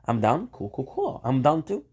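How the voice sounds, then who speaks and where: A man's voice: medium pitch, wildly swooping pitch, moderate pace, husky. A man live-streaming, rambling playfully and talking straight to his viewers. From Canada. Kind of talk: casual live-stream chat.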